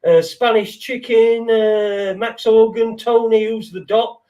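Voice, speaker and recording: A man's voice: sits high, fairly even intonation, slow pace, warm tone, rough recording. A man hosting a casual late-night chat, rambling and sweary, often losing his words. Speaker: podcast host.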